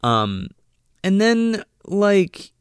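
A man's voice: sits high, drawn-out words, clean tone, dry recording, studio quality. A man casually recapping a movie with friends, swearing freely and acting out the characters' lines. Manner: profane, animated retelling with acted-out quotes. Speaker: podcast co-host.

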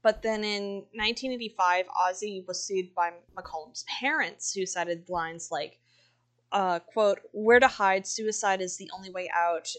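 Woman, podcast co-host, casual chat, reads from notes, laughs easily, mid pitch. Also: measured pace, a bit bright.

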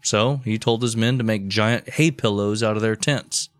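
Podcast co-host, man, deadpan comic history narrator, dry close mic. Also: fairly low pitch, moderate pace, dry recording.

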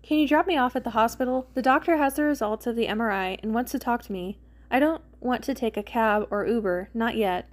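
A woman voicing a stubborn, guarded young female rookie pitcher. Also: brisk, close to an everyday voice. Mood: tense.

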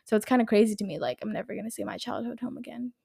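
A woman's voice: mid-range voice, rapid-fire, gravelly, mellow, breathy edge. Rambling young woman, chatty podcast host. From Los Angeles area. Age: 20s. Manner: rambling, chatty, swears freely, says "like" and "literally" often. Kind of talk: casual solo podcast chat.

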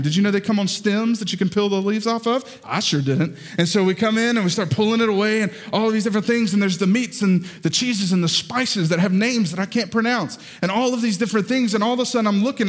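A man's voice: high voice, long reverb tail. A man with a Southern accent preaching a sermon as pastor, telling stories with playful asides. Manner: lively storytelling with playful asides.

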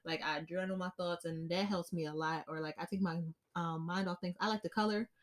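A woman's voice: fairly low pitch, fairly even intonation, fairly quick, a little hiss or hum. A young woman co-hosting a podcast, talking openly in a casual chat with lots of fillers. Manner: open, candid, heavy on fillers. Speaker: podcast co-host.

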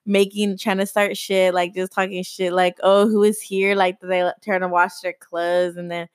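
A woman's voice: lowish voice, moderate pace, smooth, dry recording, clean studio sound. Swearing young woman telling a story. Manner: swears a lot, animated storytelling with acted-out quotes. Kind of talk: casual chat.

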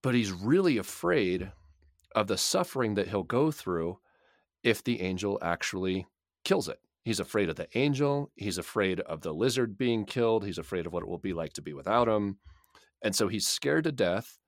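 A man's voice: lowish voice, lively intonation, moderate pace, no room sound, clean studio sound. A man co-hosting a podcast and chatting casually about a book, rambling and repeating words as he thinks. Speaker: podcast co-host.

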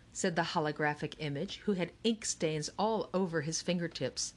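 A woman narrating an audiobook in an expressive, animated manner. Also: sits low, normal speed, few pauses. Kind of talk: scripted narration.

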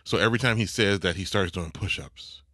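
Bright-voiced middle-aged man telling a story. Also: low-pitched, fairly quick, dry recording, clean studio sound. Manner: animated storyteller, swears freely. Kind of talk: casual chat.

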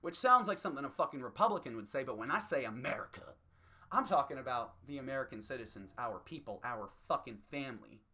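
A man's voice: medium pitch, expressive, fast, pushed and bright. A man doing a heated, profane stand-up rant as a comedian.

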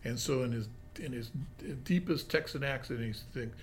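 An older man in casual chat, telling travel stories in a halting, relaxed way. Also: mid-range voice. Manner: halting, relaxed storytelling with fillers.

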